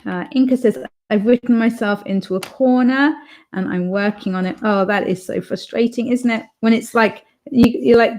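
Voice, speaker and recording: A woman's voice: a little high, moderate pace, a little mellow. Chatty woman hosting a writing stream. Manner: chatty, rambling with fillers and restarts. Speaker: author livestream host. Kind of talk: casual chat reading live comments.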